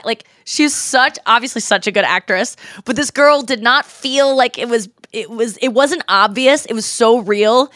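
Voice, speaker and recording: A woman's voice: a little high, brisk, few pauses, no echo. Woman, podcast host, casual storytelling, mimics voices, dry close sound. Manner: animated storyteller who mimics voices in quotes. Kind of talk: casual chat.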